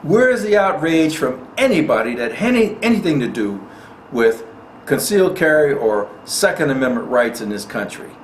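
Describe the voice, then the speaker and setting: A man's voice: a little high, very animated, moderate pace. A man hosting a gun rights channel, giving indignant commentary and repeating lines for emphasis. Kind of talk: impassioned commentary. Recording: echoey room with faint noise.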